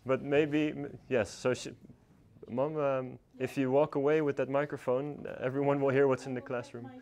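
A man hosting a casual livestream from a floristry classroom, talking in a halting, friendly way and laughing often. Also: mid-range voice, a little mellow. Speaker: livestream host.

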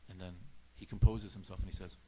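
Animated man giving a religious talk. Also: low voice, fast talker, slightly rough. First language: Farsi speaker. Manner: animated storytelling, acts out dialogue in shifting voices. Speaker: religious teacher. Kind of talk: sermon-style lecture.

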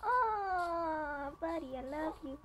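A chatty young woman with a high voice talks while she plays a game. She is easily distracted and comments on whatever pops up. A faint hiss sits behind her voice. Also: animated, takes it slowly, fairly bright tone. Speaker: gamer. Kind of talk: casual gaming chat.

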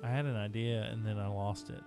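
A man live-streams a video game, chatting casually with his viewers over background music. He speaks briskly in a fairly low voice with fairly even intonation.

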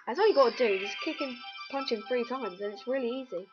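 Woman, casual gameplay commentary, slightly high voice, jokey and rambling, dull lo-fi sound, loud game music behind. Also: quick pace. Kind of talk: casual let's-play commentary. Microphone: webcam or computer mic.

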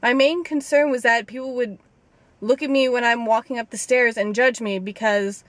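A woman's voice: fairly high pitch, fairly even intonation, normal speed, no echo. A young woman venting indignantly and profanely to her camera from inside a car, exasperated and swearing freely. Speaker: vlogger. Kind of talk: casual rant to camera. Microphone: handheld camera.

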